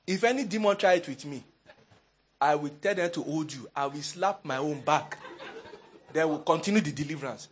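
A man preaching a sermon in an animated, humorous way, laughing often. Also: fairly high pitch, moderate pace, slight background noise. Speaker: pastor.

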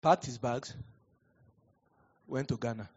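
A man with a Nigerian accent preaching a sermon, telling animated stories and laughing often. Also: mid-range voice, takes it slowly, husky. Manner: animated storyteller, laughs often, acts out quotes. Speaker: pastor. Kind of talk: sermon with storytelling. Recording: dull lo-fi sound.

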